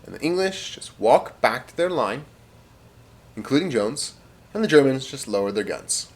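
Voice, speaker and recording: A man's voice: medium pitch, big pitch swings, moderate pace. A man spins a comic tall tale in a loose, rambling way. His voice swings up and down a lot. He throws in fillers and mouth sound effects as he goes. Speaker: storyteller. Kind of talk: casual comic storytelling.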